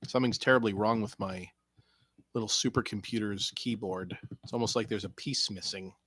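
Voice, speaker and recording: A man hosting a casual solo podcast, rambling and sarcastic, swinging between low mutters and loud outbursts. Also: fairly quick, slightly rough, no echo. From Canada. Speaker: podcast host previewing wrestling shows.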